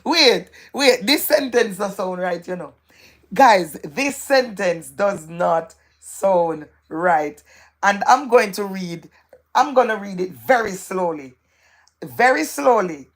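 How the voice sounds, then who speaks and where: A woman's voice: mid-range voice, animated, slow. A woman hosting a live stream, reading viewers' comments aloud in a playful, gossipy way and repeating phrases for emphasis.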